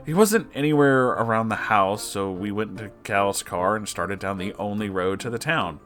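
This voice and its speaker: A man reading an online story aloud with expressive, sarcastic, swearing asides. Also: on the low side, moderate pace, hardly any pauses, soft background music. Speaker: story reader.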